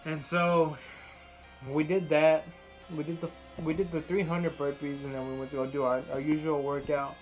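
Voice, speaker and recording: A young man with a slightly high voice tells a meandering personal story in loose, casual talk. He swears often and slips into quoting himself and others. Clear music runs behind him the whole time. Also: flat delivery, moderate pace, low-quality recording. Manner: rambling, profane, retells dialogue in quoted bursts. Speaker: vlogger.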